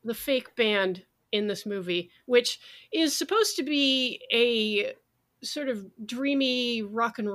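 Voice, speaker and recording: A woman podcast host with a bright, slightly high voice. She talks in a brisk, sardonic way and swears freely in casual chat.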